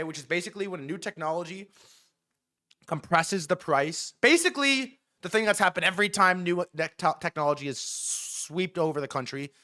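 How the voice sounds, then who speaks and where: A young man doing casual livestream commentary, excitable, swearing often, repeating himself and talking straight to his chat. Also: on the high side. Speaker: streamer reacting to news.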